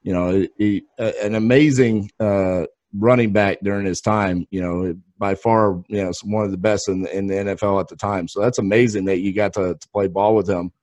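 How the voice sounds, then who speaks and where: Low-pitched man, casual interviewer, stumbling restarts, dry close sound. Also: moderate pace, few pauses, no echo. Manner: relaxed, repeats words as he searches for them.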